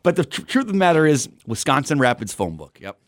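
A man in his forties from Southern California, a guest on a radio show, telling stories in a lively way and acting out the voices of people he quotes. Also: on the high side, fast, no room sound, studio quality. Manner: animated storyteller, acts out quoted voices. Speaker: TV news anchor, guest. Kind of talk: casual radio interview.

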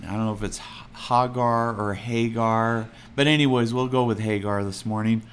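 A man's voice: on the low side, a little fast, smooth. A man with a Texas accent preaching a sermon in an earnest, conversational way, with fillers and restarts. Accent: Texan. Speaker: pastor.

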